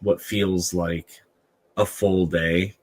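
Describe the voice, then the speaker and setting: A man's voice: low voice, flat delivery, drawn-out words. A man co-hosting a podcast over a video call, rambling and teasing. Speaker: podcast co-host. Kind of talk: casual podcast chat.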